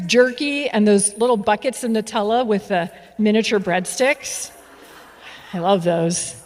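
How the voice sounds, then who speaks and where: A woman telling a story on stage, playful and animated, with laughs and asides. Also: mid-range voice, a little slow. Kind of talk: live storytelling performance. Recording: reverberant hall.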